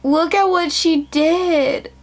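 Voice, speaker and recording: Gushing high-voiced young woman vlogger. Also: slow pace. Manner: gushing and excitable, jumping into high squeals. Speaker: beauty vlogger starting a business. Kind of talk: casual unboxing vlog. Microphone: phone camera.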